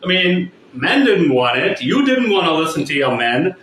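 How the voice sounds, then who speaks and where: A man's voice: on the high side, sing-song, moderate pace, a bit bright, echoey room, a little hiss or hum, low-quality recording. A man ranting on his vlog in a rambling, heated way, full of swearing. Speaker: vlogger. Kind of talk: casual vlog rant.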